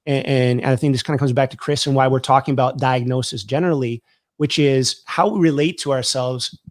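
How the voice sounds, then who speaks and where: A man who hosts a casual discussion and works as a therapist. He talks in a thoughtful, explanatory way and often doubles back on his words. His voice sits at a middle pitch and sounds close and dry, with no room around it. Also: steady tone, fairly quick, no room sound. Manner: thoughtful, explanatory, with many restarts. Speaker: therapist and podcast host.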